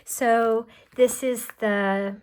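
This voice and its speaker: A woman casually showing tarot decks, chatty and rambling with many ums and restarts, often dropping to a soft murmur. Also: on the high side, fairly even intonation, extremely slow, smooth. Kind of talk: casual show-and-tell.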